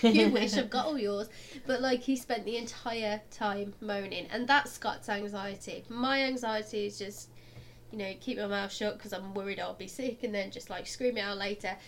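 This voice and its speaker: A young woman, co-hosting a casual chat and telling stories in a lively, animated way. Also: medium pitch, moderate pace, a little hiss or hum. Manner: chatty, animated storyteller who mimics people loudly. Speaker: podcast co-host.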